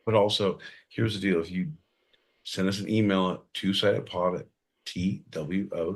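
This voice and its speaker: A man co-hosting a podcast in casual comedic banter, loud and profane with sudden bursts of energy. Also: deep voice, fairly even intonation, unhurried. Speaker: podcast co-host.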